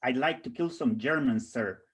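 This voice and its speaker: A man's voice: medium pitch, moderate pace, slightly rough, lightly acted. A man voicing a nervous young male army recruit who stammers and answers politely.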